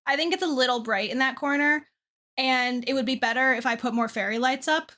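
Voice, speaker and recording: A woman's voice: high voice, a little fast, pushed and bright. A young woman streamer chatting casually to her chat from a dim room at her desk, self-deprecating and trailing off with fillers.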